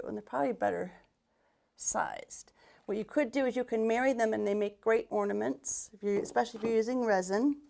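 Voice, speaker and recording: A woman who sells paint gives a live craft demonstration, chatting in a rambling way with restarts and muttered asides, a bit out of breath. Her voice is a little high and darkish, with vocal fry.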